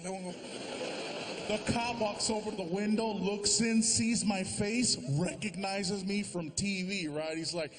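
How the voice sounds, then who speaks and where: A man with a high voice works a big theater stage, telling a rambling story and slipping into the voices of his friends. His handheld mic catches him clearly, with loud crowd noise all around. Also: a little slow. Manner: animated storyteller acting out voices. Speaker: stand-up comedian. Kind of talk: stand-up comedy storytelling. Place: large theater before a live audience.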